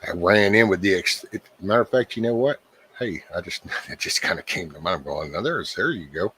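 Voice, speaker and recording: A middle-aged man hosting a livestream, rambling casually to his viewers with frequent swearing and halting restarts. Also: deep voice, expressive, bright, forceful tone, husky. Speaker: livestream host.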